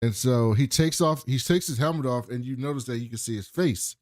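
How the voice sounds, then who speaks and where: A man's voice: medium pitch, fairly quick, darkish tone, no room sound, studio quality. A man co-hosting a podcast, casually and animatedly retelling a TV episode, often laughing. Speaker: podcast co-host. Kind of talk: casual TV recap chat.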